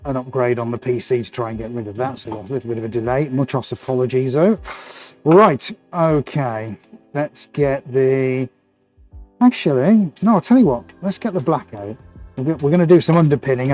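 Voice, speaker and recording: Casual commentary fills this live painting stream as a man jokes, chats and laughs often while working in his indoor studio. His voice is warm and medium-pitched.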